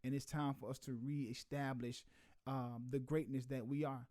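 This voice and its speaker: A man's voice: medium pitch, flat delivery, normal speed, dark tone. A man hosting a casual chat, earnest and heartfelt, filling his speech with "man.". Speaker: host.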